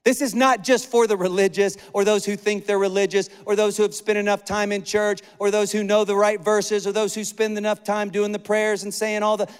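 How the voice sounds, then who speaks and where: Man, pastor, energetic conversational sermon, high voice, long church-hall reverb. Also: smooth. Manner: energetic, conversational preaching with repeated phrases.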